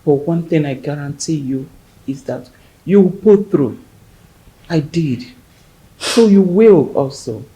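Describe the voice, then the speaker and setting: Middle-aged nigerian lady comforting a friend, slow, soft, mellow voice. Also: low voice, lively intonation, poor audio. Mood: consoling. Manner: soothing, motherly, hushed. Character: older widow gently consoling a grieving friend.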